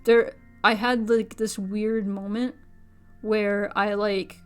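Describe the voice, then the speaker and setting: A young woman streamer chatting casually with viewers, rambling from one thought to the next and jumping into a squeaky high voice when she quotes someone. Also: little pitch movement, slow, clean tone, soft background music.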